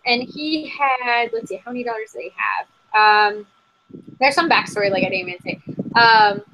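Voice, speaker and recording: A woman's voice: fairly high pitch, normal speed, muffled recording, a little hiss or hum. A woman co-hosting a podcast, reading a spooky story from an article in a casual, giggly way and often saying "like". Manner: giggly, heavy use of "like". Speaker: podcast co-host. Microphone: remote call.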